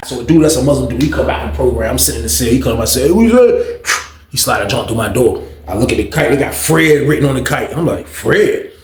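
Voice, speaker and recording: A young man casually retelling a story in a slangy, profane, animated way. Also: mid-range voice, vocal fry. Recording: roomy echo.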